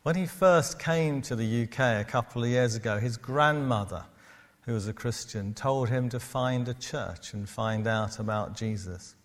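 Guy preaching, steady sermon voice, echo hanging in a big church. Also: mid-range voice. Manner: measured, preaching to a congregation. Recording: long hall reverb.

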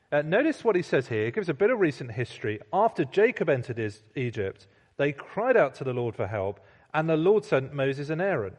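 A man preaching a sermon in a conversational way, asking rhetorical questions and sometimes restarting his sentences. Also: mid-range voice. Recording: long hall reverb.

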